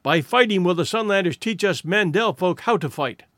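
A man reading the lines of a wounded, boastful village fighter in slow, solemn, formal speech. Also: high-pitched, animated, fairly bright tone, no echo, clean studio sound.

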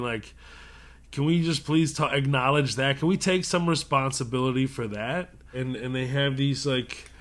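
A man who works as a comedian, chatting as an interview guest, telling stories with animation and frequent laughter. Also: medium pitch. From Middle East. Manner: animated storytelling, often laughing. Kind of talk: casual interview conversation.

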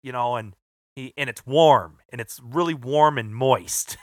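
A man's voice: mid-range voice, measured pace, no echo, studio quality. A man co-hosting a podcast, chatting and telling a wisecracking anecdote. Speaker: podcast co-host. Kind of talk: casual chat.

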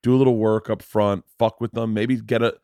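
A man hosting a podcast, telling family stories in an animated, casual way, swearing freely. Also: on the low side, brisk, clear, resonant tone, no room sound, clean studio sound. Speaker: podcast host. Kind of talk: casual conversational storytelling.

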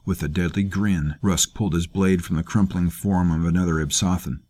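A man narrating a grim fantasy story in a measured, grave manner. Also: deep voice, steady tone, darkish tone. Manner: measured, grave, performs all characters. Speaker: audiobook narrator. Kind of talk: scripted narration.

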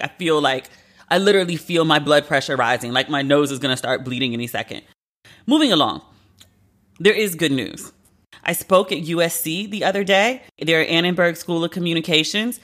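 A woman in her late thirties hosts a podcast on her own, delivering a casual solo monologue in which she tells a story in a candid, profane, exasperated way. Her voice sits on the low side with a fairly bright tone.

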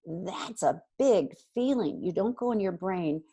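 Woman, middle-aged, husky, dark-toned voice, energetic emphatic parenting advice. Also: fairly low pitch. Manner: energetic, emphatic, quick bursts of repetition. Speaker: parenting guest expert. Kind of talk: casual advice in conversation.

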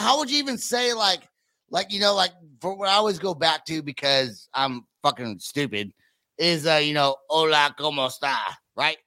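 A man hosting a podcast, chatting casually with excitable, profane rambling and lots of fillers. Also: sits high, dry recording. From United States. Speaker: podcast host.

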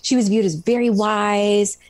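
A woman's voice: mid-range voice, measured pace, dry recording. Earnest woman author retelling stories. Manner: earnest, animated retelling with many fillers. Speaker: guest author. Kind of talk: conversational storytelling interview.

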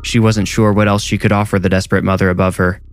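A man narrating a horror story in a measured, suspenseful read. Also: low-pitched, level tone, soft background music.

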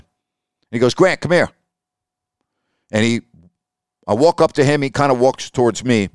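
A middle-aged man hosting a podcast, telling stories in an emphatic, animated way. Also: medium pitch, clear, resonant tone, dry recording, studio quality. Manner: emphatic, animated, acts out quoted voices. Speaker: podcast host and sports broadcaster. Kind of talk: storytelling monologue.

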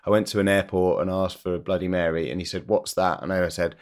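A man's voice: low-pitched, flat delivery, fast talker. A man hosting a podcast, chatting casually with a guest in a dry, wry way and swearing now and then. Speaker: podcast host. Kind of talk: casual interview chat.

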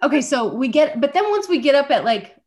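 A woman co-hosting a podcast, telling a story in a casual, animated way and acting out the quotes. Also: high-pitched, fairly quick. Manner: animated, laughing storyteller who acts out quotes. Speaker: podcast co-host.

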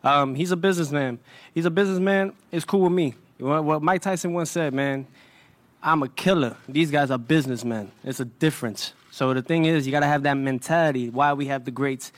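A man's voice: on the high side, a little fast, no echo. A young man speaking as a boxing champion at a press conference, brash and streetwise, trading trash talk.

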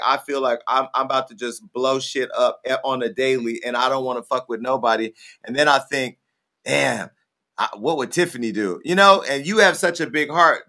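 A man's voice: mid-range voice, sharp tone. A man hosting a casual interview, asking long, rambling questions with many fillers. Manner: rambling, chatty, hesitant questions. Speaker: host.

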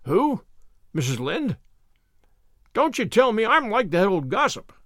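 A man reading aloud and voicing a blunt, hasty old farmer who speaks his mind briskly. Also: high-pitched, very animated, fairly bright tone, dry recording, studio quality, exaggerated voice. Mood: blunt, friendly. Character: gruff outspoken older farmer, hasty but kindly.

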